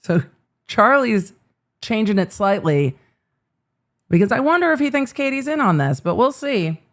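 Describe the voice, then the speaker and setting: A woman's voice: medium pitch, big pitch swings, normal speed. A woman hosting live trial commentary, reacting with sarcastic, exasperated asides. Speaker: legal commentary host.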